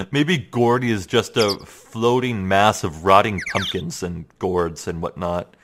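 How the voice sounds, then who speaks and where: A man's voice: sits low, slow, background noise. A man commentating a game playthrough with jokey, chatty asides. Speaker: let's play commentator. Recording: game music behind.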